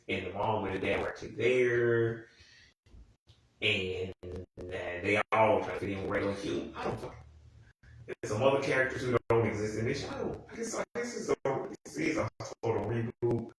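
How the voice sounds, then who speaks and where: A man's voice: lowish voice, fairly bright tone, a little hiss or hum. A young man ranting casually about a TV show, profane and rambling, with sudden exasperated outbursts. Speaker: TV commentator. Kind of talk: casual rant commentary. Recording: very echoey room, voice from far off the mic.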